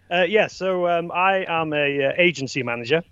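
A man's voice: a little high, normal speed, a bit bright, clean tone, dry recording, lo-fi sound. A man chatting as a guest on a podcast, jokey and self-mocking. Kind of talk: casual podcast chat.

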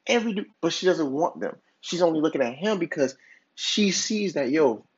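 Brief: male podcast host, slightly husky voice, casual rambling monologue, muffled low-fi recording. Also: lively intonation, normal speed. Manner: rambling, filler-heavy storytelling with many "like"s and restarts. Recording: dull lo-fi recording.

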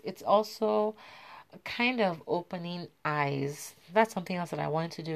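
A woman hosts her podcast in a casual, chatty monologue. Her voice sits low and comes across smooth and clear, with a smile in it. She talks freely, with plenty of ums along the way. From Africa. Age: adult mother. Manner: chatty, warm asides with fillers; smiling while talking. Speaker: podcast host.

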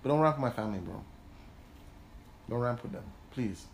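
A man telling a heated personal story in casual chat, animated, laughing and swearing as he goes. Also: mid-range voice, normal speed, creaky. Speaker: host.

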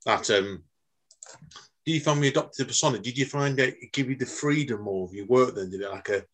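Host, quick chatty delivery, matey with the guest. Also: male voice, mid-range voice, a bit bright. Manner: chatty, calls guest mate. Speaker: podcast host. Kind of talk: casual podcast interview.

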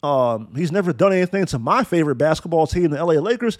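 A man's voice: a little high, animated, fast talker, few pauses, darkish tone, dry recording. Blunt, profane man ranting about sports. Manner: blunt, profane, sarcastic, with frequent restarts. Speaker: basketball podcast host. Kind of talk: casual opinionated sports rant.

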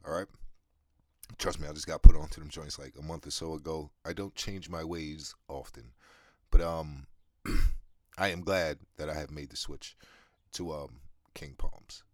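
A man's voice: rumbling low, no echo, clean studio sound. A man in his thirties hosting a podcast, talking in a rambling, profane, laid-back way with many restarts and fillers, a smoker with a cough. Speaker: podcast host. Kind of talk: casual monologue.

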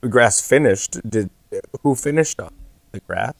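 A man's voice: mid-range voice, animated, a little slow, vocal fry, no room sound. A young man in a casual podcast chat, mocking his friend with crude wisecracks. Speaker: co-host friend.

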